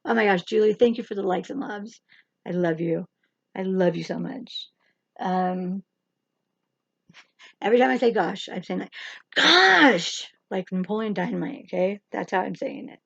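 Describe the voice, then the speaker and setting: A woman hosts a casual livestream makeup tutorial, joking and teasing herself as she talks. Her voice is husky and gravelly, recorded dry and close with a slightly dull, lo-fi sound. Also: mid-range voice, moderate pace, long pauses, a little mellow, no room sound. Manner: rambling, joking, self-teasing. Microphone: camera or phone livestream.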